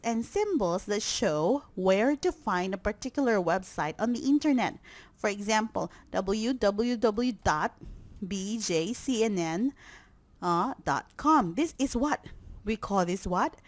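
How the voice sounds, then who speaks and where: A woman's voice: medium pitch, no echo. A woman with a Korean accent teaching English vocabulary, drilling words and quizzing her students with short questions. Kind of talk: recorded vocabulary lesson.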